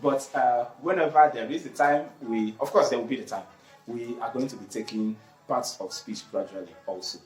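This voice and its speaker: Grammar teacher talking online, asks then answers own questions, roomy echo, soft music behind. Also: medium pitch, moderate pace. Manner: repeats key words, poses and answers own questions. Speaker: English teacher.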